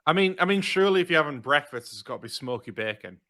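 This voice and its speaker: A man's voice: fairly high pitch, animated, fast, crowd noise. A young British man co-hosting a podcast, laid-back, reading out news items wryly in casual chat. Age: young adult. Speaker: podcast co-host.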